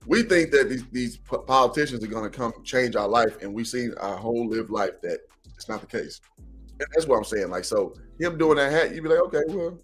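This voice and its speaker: A man co-hosting a podcast, talking in a relaxed, reflective, opinionated way. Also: fairly low pitch. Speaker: podcast co-host. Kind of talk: casual chat.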